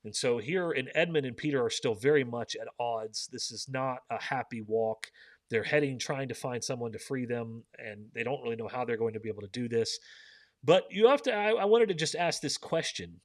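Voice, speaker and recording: An earnest man with a voice of ordinary pitch leads a live book discussion. He reads scripture aloud and puts questions to his listeners. The sound is dry and close, with no room echo. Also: expressive, brisk.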